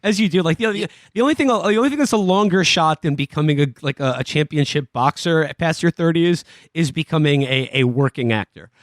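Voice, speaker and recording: Man podcaster, slightly high voice, dry close mic, halting comedic recap full of uhs. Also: expressive, no room sound. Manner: halting recap with many fillers and stammered restarts. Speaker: podcast co-host. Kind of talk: casual comedic podcast chat.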